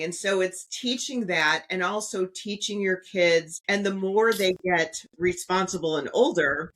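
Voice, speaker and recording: Podcast host, middle-aged woman, low-ish voice, warm and affirming. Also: a little slow, hardly any pauses. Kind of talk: casual podcast conversation.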